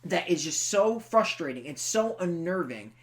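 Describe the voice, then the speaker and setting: A man co-hosting a podcast, chatting casually and excitably about a horror film and teasing his co-host. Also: a little high, normal speed. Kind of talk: casual film review chat.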